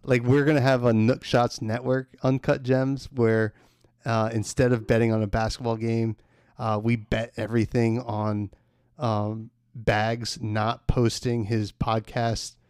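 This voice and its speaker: A man's voice: medium pitch, level tone, unhurried, a little mellow, clean tone, no room sound, clean studio sound. A man chatting casually as a podcast co-host, telling rambling stories full of fillers. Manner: rambling storyteller, heavy on "like" fillers. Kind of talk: casual chat.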